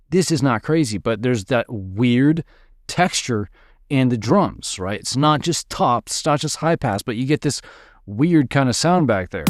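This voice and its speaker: A man teaching music production in a relaxed, upbeat way, walking through a dance track and sometimes mimicking its sounds with his voice. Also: mid-range voice, no echo, studio quality. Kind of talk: screen-recorded music production tutorial. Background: dance track playing faintly.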